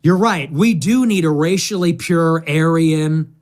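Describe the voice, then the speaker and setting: A man's voice: fairly high pitch, unhurried, darkish tone, pitched above the performer's own voice, close to an everyday voice. A man putting on a whiny, mocking voice of a far-right online man during livestream commentary. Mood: mocking whine.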